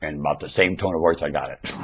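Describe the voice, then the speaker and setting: A man delivering a preachy ranting monologue into a webcam at home, jumping between shouted outbursts and low mutters and firing rhetorical questions at the listener. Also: normal speed, husky, lo-fi sound. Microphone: webcam microphone.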